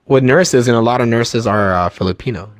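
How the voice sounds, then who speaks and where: A man's voice: medium pitch, fairly quick, dry recording, studio quality. A young man hosting a casual comedic interview, joking and rambling with self-deprecating humor. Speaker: interviewer and show host.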